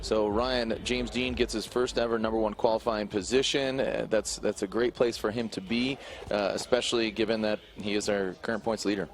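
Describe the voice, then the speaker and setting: Excited male drift race commentator. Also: normal speed, hardly any pauses. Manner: energetic, rises in pitch calling the action. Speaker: play-by-play commentator. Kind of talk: live motorsport commentary.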